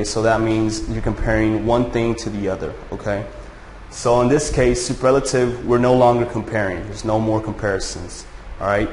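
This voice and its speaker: A man teaching an English grammar lesson to a class. He checks in often with "all right?" and "okay?" and slows down to stretch out his example sentences. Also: fairly low pitch. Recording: echoey room with faint noise.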